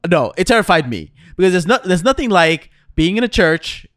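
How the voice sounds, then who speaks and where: A man's voice: high-pitched, sing-song, a bit bright, no echo, studio quality. A man co-hosting a film podcast in casual chat, often stumbling and repeating words as he talks. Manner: halting, repeats words, enthusiastic. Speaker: podcast co-host.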